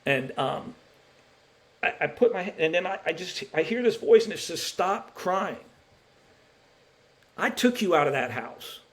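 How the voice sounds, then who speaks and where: Man, middle-aged, earnest, emotional, halting restarts, somewhat high voice, podcast testimony. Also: animated, fairly bright tone. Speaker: podcast guest, college basketball referee. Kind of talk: personal testimony in a podcast interview.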